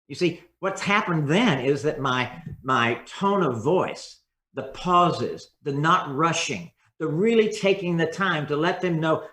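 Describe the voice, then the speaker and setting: A man speaking as a communication coach in a podcast interview, expressive and acting out different tones of voice. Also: fairly high pitch, a little slow, reverberant.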